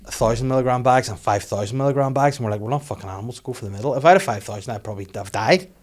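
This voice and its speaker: A young man hosting a podcast, telling rapid, animated stories full of laughter and sweary acted-out inner voices. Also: mid-range voice. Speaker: podcast host. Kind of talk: casual chat, storytelling.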